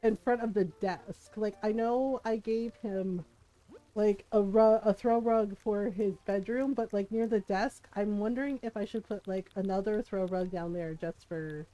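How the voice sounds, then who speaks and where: A woman's voice: mid-range voice, fairly even intonation, a little slow, mellow, muffled recording. A woman in her fifties streaming a game, telling stories in casual chat and tagging her sentences with "right?". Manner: chatty, storytelling with lots of "right?" tags. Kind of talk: casual chat while gaming.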